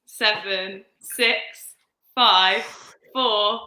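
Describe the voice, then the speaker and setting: Slow, bright-voiced woman keeping time. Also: medium pitch, steady tone. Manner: calls out the remaining time plainly and reacts with short exclamations. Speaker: timekeeper calling out the countdown. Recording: roomy echo.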